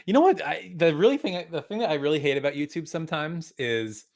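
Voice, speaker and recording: A young man chatting casually as a game reviewer, relaxed, with many fillers and frequent laughs. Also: on the high side, quick pace. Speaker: game reviewer and video creator. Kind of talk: casual podcast chat.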